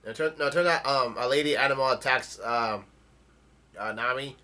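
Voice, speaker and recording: A man casually summarizing the plot of a comic chapter, with halting speech full of ums, uhs and restarts. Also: medium pitch, bright, forceful tone. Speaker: manga chapter recapper.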